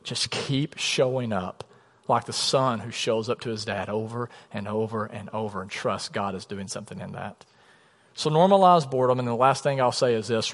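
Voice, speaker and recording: Male pastor, 30s, storytelling sermon delivery, mid pitch, long church-hall reverb. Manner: storytelling, conversational, drops to a soft low voice for emphasis. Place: church sanctuary.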